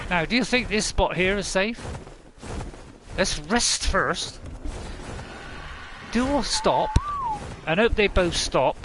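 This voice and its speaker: Brief: excitable game streamer, high bouncy voice, noisy game audio behind. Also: male voice, slow, pauses often. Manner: excitable, laughs often, talks to himself. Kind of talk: casual gameplay commentary.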